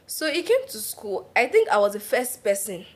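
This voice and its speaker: A woman's voice: a little high, normal speed. Laughing Nigerian woman telling stories. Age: young adult. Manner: animated, laughing, slips into pidgin. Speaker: podcast co-host. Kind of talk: casual storytelling chat.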